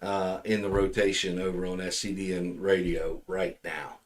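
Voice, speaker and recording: A man's voice: low voice, unhurried. A man hosting a podcast, telling a funny story in casual chat, rambling and restarting often. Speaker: podcast host.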